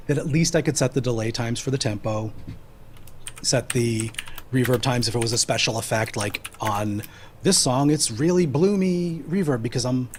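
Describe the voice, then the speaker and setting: A man's voice: mid-range voice, a little mellow, a little hiss or hum. A man explaining things casually, rambling with many restarts.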